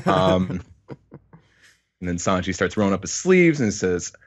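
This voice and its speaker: A man co-hosting a podcast, recapping with dry deadpan quips. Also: sits low, unhurried, long pauses, highs cut off. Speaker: podcast co-host. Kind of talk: casual chat.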